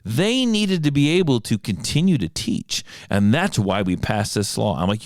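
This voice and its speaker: A man's voice: mid-range voice, normal speed, few pauses, no echo, clean studio sound. An American man hosting a podcast, telling a story in a casual, exasperated way and acting out what others said. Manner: animated, exasperated ranting with quoted dialogue. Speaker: podcast host, firearms instructor. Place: small studio room.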